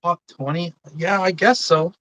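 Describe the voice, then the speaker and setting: A woman's voice: fairly low pitch, fairly even intonation, a little slow, a bit bright, no echo, poor audio. A woman hosting a live stream, chatting casually and swearing a lot as she gives blunt, indignant opinions.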